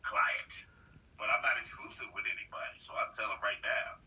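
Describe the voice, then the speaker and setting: A voice actor being interviewed who tells stories in casual chat and acts out other people's voices. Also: male voice, fairly low pitch, fairly quick, bright, forceful tone. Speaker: voice actor guest. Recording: distant muffled call audio.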